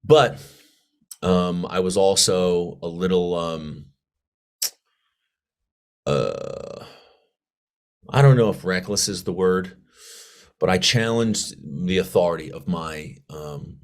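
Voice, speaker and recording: A man, a Marine veteran guest, telling stories in a casual interview, profane and animated, acting out quoted dialogue. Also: deep voice, measured pace, pauses often.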